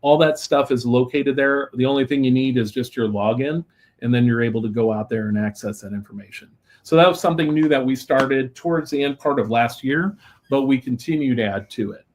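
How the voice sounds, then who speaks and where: A man speaking as a podcast guest at a mid pitch. He is relaxed and chatty, leaning on "you know" and "um" as he explains at length. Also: brisk, slight background noise. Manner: relaxed and talkative, with many fillers and "you know". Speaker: guest, lighting company executive. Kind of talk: casual interview chat.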